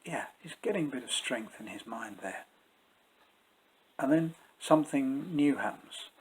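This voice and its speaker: A man teaching Shakespeare's verse in a measured, explanatory way, pausing to think as he goes. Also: mid-range voice, animated, breathy edge, rough recording. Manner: measured and explanatory, with thoughtful pauses and fillers. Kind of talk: spoken lesson to camera.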